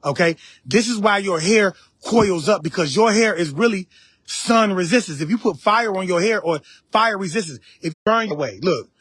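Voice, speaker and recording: A man's voice: high-pitched, animated, normal speed, fairly bright tone, breathy edge, no echo. A man giving a casual spiritual lecture on a live stream, talking straight to his viewers, repeating his points and speaking. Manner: preachy, repeats phrases, addresses viewers directly.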